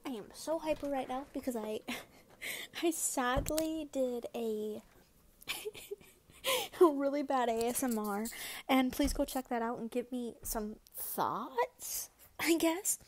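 A woman reads a fan fiction story aloud in a casual, unhurried way. Her voice sits a little high, and she giggles and restarts when she trips over words. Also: lively intonation. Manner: giggly, stumbling over words while reading.

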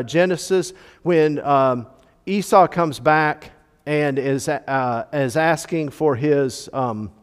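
Slightly high man teaching in a reverberant hall. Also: smooth. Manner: explanatory, stressing key words, frequent fillers. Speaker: Bible study teacher. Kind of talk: teaching a church Bible class. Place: church classroom.

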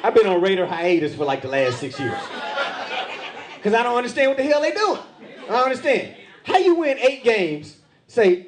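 Animated high-voiced male stand-up comic. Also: normal speed, long pauses. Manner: animated, acts out quoted voices. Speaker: stand-up comedian. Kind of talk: stand-up comedy set. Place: comedy club stage. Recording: live club with loud crowd laughter. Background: crowd laughing.

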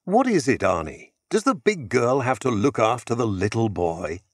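A man's voice: medium pitch, big pitch swings, normal speed, dry recording, clean studio sound. A man reading an audiobook voices a cruel teenage schoolboy bully who taunts and sneers. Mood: sneering.

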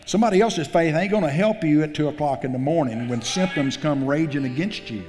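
A man's voice: on the high side, brisk, hardly any pauses, darkish tone. A man preaching a sermon as pastor, telling stories in a folksy way and building to fervent exclamations. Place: church sanctuary. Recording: long church-hall reverb.

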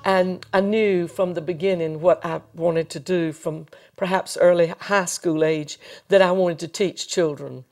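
A woman in her seventies with a Southern US accent, speaking in a measured, earnest, devout way in an interview. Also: fairly low pitch, steady tone, a little mellow. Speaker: retired teacher interviewed. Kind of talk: reflective interview.

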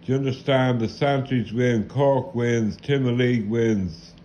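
A man's voice: medium pitch, a little slow, warm tone. A middle-aged Irish man in an angry, rambling rant, repeating curses and bitter swearing. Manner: bitter, profane, repetitive cursing. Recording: dull lo-fi with faint hiss.

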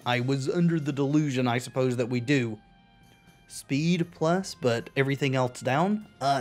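A man hosting a video game playthrough, reading the game's text aloud and adding dry wisecracks. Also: fairly high pitch. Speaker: let's play host. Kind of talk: game commentary.

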